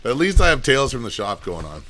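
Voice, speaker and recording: A man's voice: medium pitch, very animated, a bit bright, slight background noise. A man who owns a comic shop, running a live auction and telling rambling shop stories in casual chat. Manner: rambling storyteller, quick asides.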